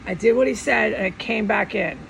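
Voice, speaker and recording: Gravelly woman rambling defensively. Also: medium pitch, fairly quick, slight background noise, rough recording. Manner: defensive, rambling, repeatedly insisting. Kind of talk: casual monologue vlog. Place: at home.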